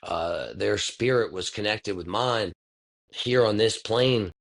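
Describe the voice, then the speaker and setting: A man's voice: on the low side, slow pace, creaky. A man in his thirties hosting a podcast, talking in a rambling, laid-back way, reflective and full of profanity. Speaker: podcast host. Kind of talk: casual monologue.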